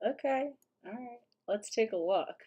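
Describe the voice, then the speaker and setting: A woman's voice: a little high, animated, unhurried, warm tone, slightly rough, dull audio. A young woman hosting a casual livestream, talking in a chatty, sarcastic way with lots of "like" fillers. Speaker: livestream host.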